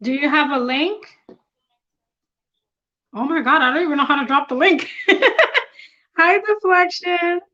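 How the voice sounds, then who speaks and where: High-voiced excitable woman livestreaming. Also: moderate pace, long pauses, highs cut off. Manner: excitable, laughs often, flustered by the tech. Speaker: livestream host. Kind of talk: casual live-stream chat. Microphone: tablet.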